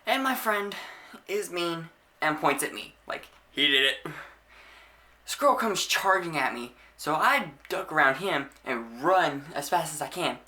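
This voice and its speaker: A young man chatting to camera in a lively storytelling voice that jumps up and down in pitch. His tone is bright and a little sharp, and he breaks into laughter as he acts out the moments of his stories. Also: a little slow. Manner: animated, laughs often, acts out scenes. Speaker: vlogger. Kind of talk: casual storytime chat to camera.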